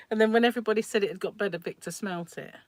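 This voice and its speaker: A woman's voice: mid-range voice, fast, no echo. A middle-aged woman hosting a crochet livestream at home, chatting casually and laughing often as she rambles through viewer comments.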